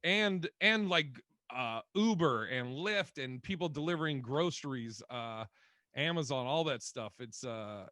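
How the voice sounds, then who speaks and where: A man's voice: medium pitch, lively intonation, a little slow, bright, forceful tone, no echo. A man co-hosting a podcast in casual chat, rambling and laughing, swearing freely. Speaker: podcast co-host.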